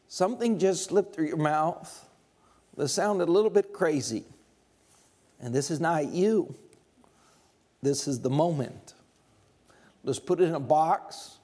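A man preaching a sermon, with passionate surges that climb high and loud and then drop to slow, low emphasis.

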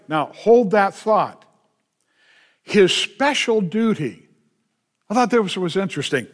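A man, a pastor, preaching a sermon with emphatic, drawn-out stresses and quick asides to the congregation. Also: sits high.

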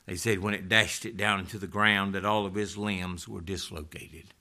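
A middle-aged man preaching a sermon, swinging between loud passionate stretches and hushed, almost whispered words. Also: low-pitched, steady tone, moderate pace.

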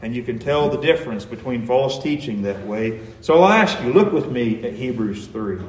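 A man's voice: mid-range voice, lively intonation, moderate pace, slight background noise. Earnest preacher man in a roomy echo. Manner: earnest, pleading, builds to emphatic points. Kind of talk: sermon.

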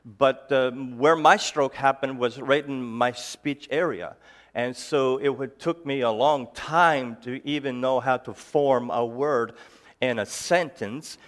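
A ministry founder gives a personal talk to a live audience in a medium-pitched, fairly bright voice. He tells jokes and stories haltingly and a bit slurred, with many restarts and fillers.

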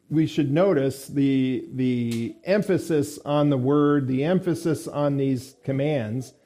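A male preacher delivers a morning sermon at an unhurried pace. His voice is warm and mellow, and he pauses often and fills gaps as he works through his points. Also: medium pitch. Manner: measured, halting delivery with fillers.

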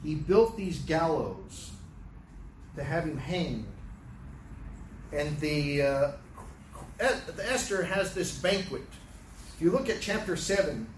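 A man's voice: a little high, darkish tone. A man teaching a Bible study in a conversational way, retelling the scenes with many restarts. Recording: echoey room, distant mic, faint noise.

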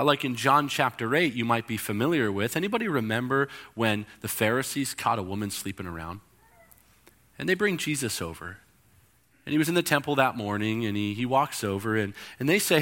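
A male pastor preaching a sermon in a church, explaining scripture and acting out the voices in the stories he tells. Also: mid-range voice. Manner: expressive preaching, acts out quoted voices.

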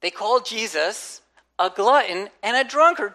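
A woman pastor preaches a conversational sermon with humorous asides, animatedly acting out quotes and inner voices. Her voice is on the high side, at a normal speed.

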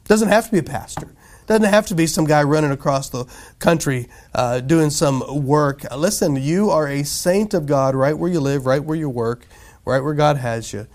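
A pastor preaching a sermon in a casual, conversational way, often asking the congregation questions and acting out quoted voices. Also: male voice, fairly high pitch, normal speed, a little mellow.

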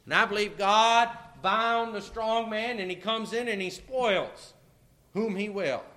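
A man's voice: high-pitched, measured pace, bright, forceful tone. A man preaching a sermon as pastor, folksy and emphatic, repeating his key phrases for stress. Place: church sanctuary. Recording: long hall reverb.

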